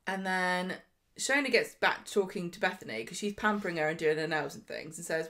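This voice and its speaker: A woman's voice: on the low side, fairly quick, fairly bright tone. A woman co-hosting a podcast, recapping soap episodes in casual chat and slipping into character voices. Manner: chatty, mimics characters in voices while retelling. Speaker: podcast co-host.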